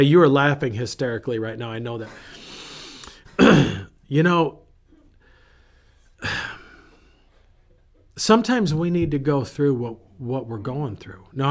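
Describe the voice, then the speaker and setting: Male pastor, mid-pitched, casual storytelling sermon with animated asides. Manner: conversational, animated storytelling with self-interruptions. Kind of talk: informal sermon.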